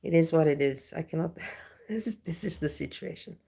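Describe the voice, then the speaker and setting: A woman's voice: low-pitched, moderate pace, gravelly, dark tone, breathy edge. A woman chatting casually with viewers on a live stream, blunt and ranting, reading the chat aloud.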